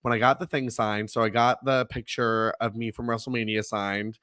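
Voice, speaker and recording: A young man co-hosting a podcast, telling stories in a lively, animated way, laughing often and acting out quotes in a high voice. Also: moderate pace, clean tone, no echo. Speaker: podcast co-host. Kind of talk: casual chat.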